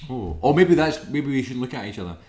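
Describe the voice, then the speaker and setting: A man hosting a podcast, chatting casually and jokily with his co-host in a flat. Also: mid-range voice, fast, echoey room. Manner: animated, jokey, playful teasing. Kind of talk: casual chat. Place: co-host's flat.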